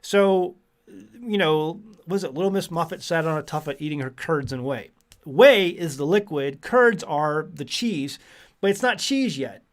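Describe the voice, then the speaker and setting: High-voiced chatty man hosting a livestream. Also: unhurried. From United States. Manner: chatty, rambling, reads out viewer locations. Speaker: livestream host. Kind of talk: casual livestream chat.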